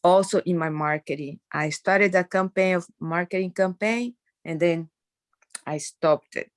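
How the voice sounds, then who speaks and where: Hesitant, apologetic female participant, lower voice, dry close sound. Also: a little slow, dry recording. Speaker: participant on a coaching call. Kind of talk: sharing on a group call.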